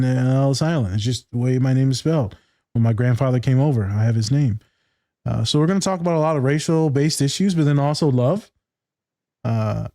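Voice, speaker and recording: A man's voice: mid-range voice, mellow, no room sound, studio quality. A man co-hosting a podcast as a therapist, chatting casually with irreverent jokes and swearing.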